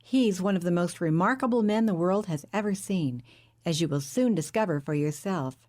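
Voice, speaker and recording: A woman's voice: fairly low pitch, lively intonation, moderate pace, close to an everyday voice. Woman reading a gushing, stately lady. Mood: enthusiastic. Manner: eager, warm, enthusiastic. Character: stately, radiant woman scientist, gushing and enthusiastic. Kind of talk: audiobook character reading.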